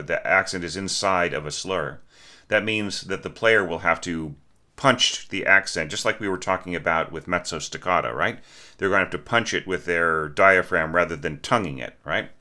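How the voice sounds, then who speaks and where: A man with a very low voice talks through a student's orchestration as a teacher. His tone is bright and forceful, and he keeps the critique conversational, checking in with "right?" and singing short notes to show what he means. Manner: conversational, asks questions, sings short notes. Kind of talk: spoken score critique.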